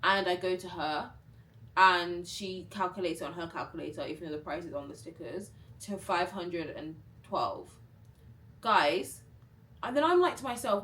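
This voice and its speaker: A young woman vlogging a casual storytime, chatty and animated, full of fillers. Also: lowish voice, brisk.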